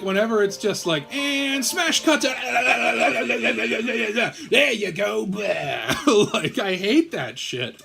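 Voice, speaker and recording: High-voiced man in a profane rant. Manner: profane, rambling, self-mocking and a bit loopy. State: tired from a marathon of viewing. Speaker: vlog host reviewing a TV series. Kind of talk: casual comedic rant to camera.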